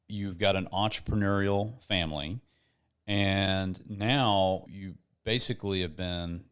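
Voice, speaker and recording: A man's voice: lowish voice, clean tone. A middle-aged man hosting a talk show, prompting his guest to tell her stories. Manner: prompting, encouraging. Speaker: host. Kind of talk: casual interview.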